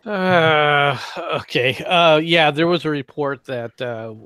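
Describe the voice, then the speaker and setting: A man's voice: fairly high pitch, takes it slowly, pushed and bright, slight background noise. A man streaming a casual voice chat, defensive and insistent as he argues his points.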